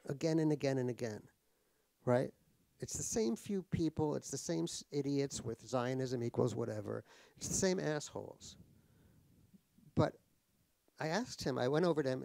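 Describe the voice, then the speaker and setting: A man's voice: medium pitch, creaky, mellow, dry recording. An American man, an author guest on stage, telling stories with wry, profane, self-mocking humor. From United States. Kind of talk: anecdotal storytelling on stage. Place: cultural center stage conversation.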